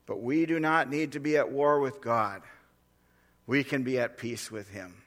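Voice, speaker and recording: This man, a pastor, delivers a sermon with scripture readings, his measured delivery rising into forceful warnings. His voice sits in the mid range.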